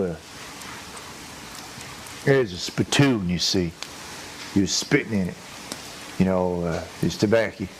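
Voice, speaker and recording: A man's voice: lowish voice, a little hiss or hum, lightly acted, rough recording. A man voicing a rambling, crude redneck character who tells a long joke full of hesitations and restarts. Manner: crude, chuckles at his own story. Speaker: prank caller telling a joke. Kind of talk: rambling prank-call joke telling.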